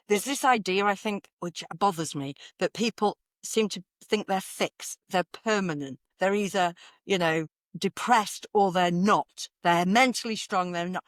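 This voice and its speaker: A woman, a confidence coach talking in an energetic, conversational way and repeating phrases for emphasis. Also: mid-range voice, unhurried, no echo, studio quality. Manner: animated, repeats phrases, sings affirmations in varied inflections. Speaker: confidence coach, podcast guest.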